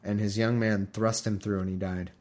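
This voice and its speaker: A man's voice: on the low side, little pitch movement, normal speed, darkish tone. A man hosting a podcast, reading scripture aloud with wry, irreverent asides. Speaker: podcast host. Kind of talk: comedic scripture reading with commentary.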